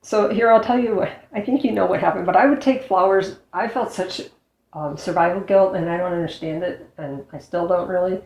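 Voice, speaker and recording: A woman who is a former highway patrol officer, frankly telling her personal story as an interview guest and acting out the dialogue she quotes. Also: brisk, roomy sound, rough recording. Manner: frank, acts out quoted dialogue with lively shifts.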